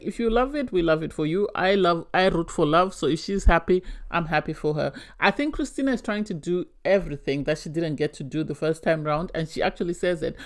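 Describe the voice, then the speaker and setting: A woman's voice: deep voice, a little mellow. Opinionated woman reviewing reality TV. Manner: opinionated, exasperated, acts out quotes. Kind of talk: casual commentary.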